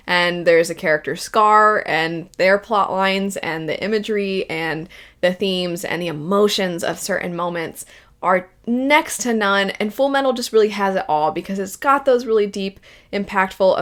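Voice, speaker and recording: A woman's voice: mid-range voice, fairly bright tone. A young woman hosting a video essay, gushing and rambling with emotion about stories she loves. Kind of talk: casual enthusiastic commentary.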